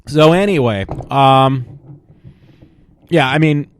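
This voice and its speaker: A man's voice: mid-range voice, slow pace, smooth. A man hosting his own show, rambling and apologetic, tired after a long day, talking casually to viewers. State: exhausted. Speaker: vlog host. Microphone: home mic.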